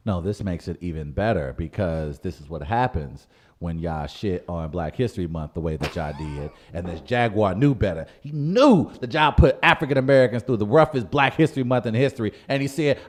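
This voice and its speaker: A man co-hosting a comedic podcast, ranting with big energy and frequent laughter. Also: on the low side. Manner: animated, ranting, laughs often. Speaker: podcast co-host.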